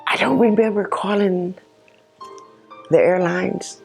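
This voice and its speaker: A middle-aged woman, a mother, giving a halting personal testimony full of pauses and restarts. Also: medium pitch, steady tone, creaky, darkish tone, soft background music. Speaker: mother telling her personal story.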